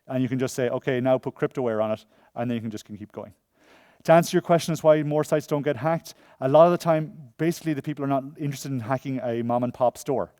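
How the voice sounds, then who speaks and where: A man giving a conference talk and taking audience questions, jokey and animated, often telling funny stories and acting out the voices of the people in them. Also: mid-range voice, clean tone, no room sound, studio quality. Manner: animated, acts out quoted voices. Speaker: conference speaker. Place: conference room before an audience.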